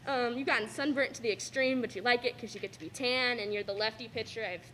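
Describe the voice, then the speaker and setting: A woman's voice: a little high, quick pace, fairly bright tone, a little hiss or hum. A young woman giving an emotional thank-you speech in a school cafeteria, fighting back tears and laughing nervously between sentences. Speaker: student athlete giving a farewell speech.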